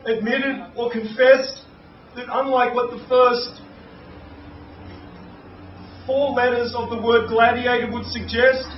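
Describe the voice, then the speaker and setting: A man's voice: extremely high pitch, flat delivery, slow, pauses often, voice pushed up. A man performing a rhyming spoken-word piece as a bitter, sardonic male gladiator, in a mocking, rhythmic delivery. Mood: bitter sarcastic. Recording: distant, roomy lo-fi live recording with ambient noise.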